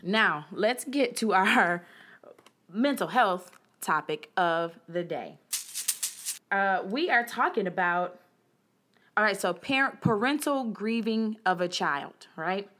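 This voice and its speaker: A woman's voice: mid-range voice, expressive, slow, a bit bright. Woman cohost, casual chat, tells stories, chatty. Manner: chatty storyteller, acts out quotes. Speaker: podcast co-host.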